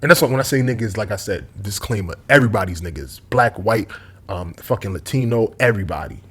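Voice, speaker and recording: Husky, slangy Brooklyn man ranting. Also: fairly low pitch, fast talker. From Brooklyn, New York. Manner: animated, rambling, slangy, swings loud and soft. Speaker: vlogger. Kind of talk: casual opinion monologue.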